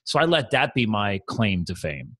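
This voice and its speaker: A man guesting on a podcast, telling personal stories in an earnest, open way. His voice sits fairly low and sounds dry and close, with casual filler words throughout. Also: very animated, normal speed, fairly bright tone, no room sound. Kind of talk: candid conversational storytelling.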